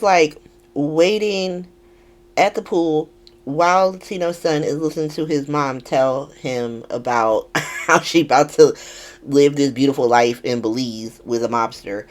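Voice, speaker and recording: A woman hosting a podcast who recaps a soap opera in a casual, animated and sarcastic way, laughing often. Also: low-pitched. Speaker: podcast host.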